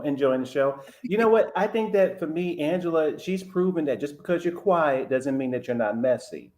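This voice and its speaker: A man in a casual gossip chat, animated and quick to repeat himself while he searches for words. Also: on the high side.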